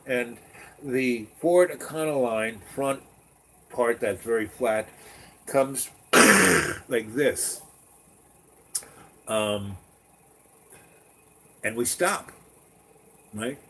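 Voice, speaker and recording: A man's voice: mid-range voice, slow pace, pauses often, a little hiss or hum. A man telling a long personal story in a meandering, chatty way, full of fillers and restarts. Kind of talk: rambling personal anecdote.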